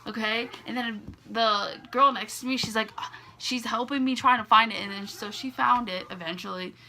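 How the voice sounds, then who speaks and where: A woman's voice: fairly high pitch, fairly even intonation, normal speed, pushed and bright, a little hiss or hum. A young woman telling a story to her vlog viewers in a chatty, casual way, full of "like" and "okay". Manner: chatty, says "like" and "okay" a lot. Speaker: vlogger.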